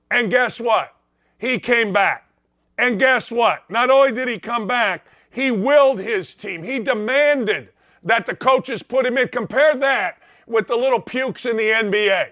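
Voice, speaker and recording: A middle-aged man hosting a sports show, ranting in a loud, blunt, sarcastic way. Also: high voice, expressive, measured pace, dry recording.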